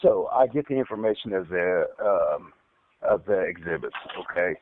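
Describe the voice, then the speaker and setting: A man's voice: sits low, lively intonation, normal speed, a little hiss or hum. A man telling his story over the phone, stuttering, repeating words and restarting his sentences. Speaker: caller recounting an interrogation. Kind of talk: casual phone account. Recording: tinny dry phone line.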